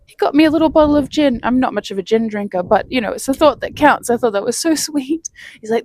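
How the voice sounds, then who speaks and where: A woman's voice: on the high side, lively intonation, quick pace, darkish tone, no room sound. Brief: chatty woman vlogger, dry close sound, easy laughs between lines. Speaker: self-help vlogger. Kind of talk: casual storytelling to camera.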